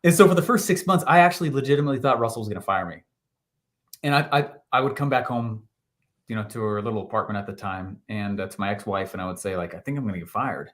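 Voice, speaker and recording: Give me an animated man guest who laughs often and acts out quotes. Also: fairly low pitch, quick pace. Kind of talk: storytelling interview answer.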